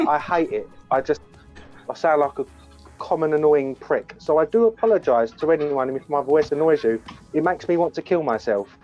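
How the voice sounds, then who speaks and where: A man's voice: a little high, expressive, fairly quick, soft background music. Cockney man, podcast guest, coarse and sweary, slightly raised voice, muffled call audio. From London, England. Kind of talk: casual banter.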